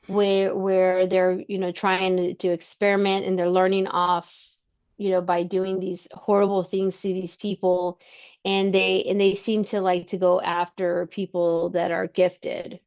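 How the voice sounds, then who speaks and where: A woman telling her personal story as a podcast guest, halting, with many fillers and restarts. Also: medium pitch, gravelly, dull audio.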